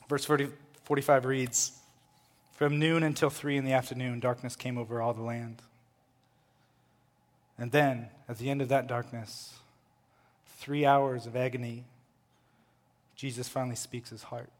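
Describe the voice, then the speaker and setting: A man preaching a sermon, swinging between loud, impassioned proclamation and hushed, quiet lines. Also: mid-range voice, level tone, unhurried, long pauses. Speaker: pastor. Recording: long hall reverb.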